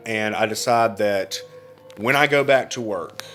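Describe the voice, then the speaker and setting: A man's voice: on the low side, measured pace, fairly bright tone, faint music behind. Blunt, foul-mouthed young man telling a story. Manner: blunt, heavy swearing, emotional retelling. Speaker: vlogger. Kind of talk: casual storytelling vlog.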